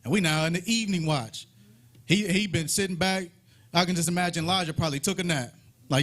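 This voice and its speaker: A man's voice: sits high, fast, a bit bright. Playful, folksy man teaching scripture. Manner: folksy, humorous retelling with dialect and playful mockery. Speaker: teacher leading Bible study. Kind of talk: live sermon-style Bible study.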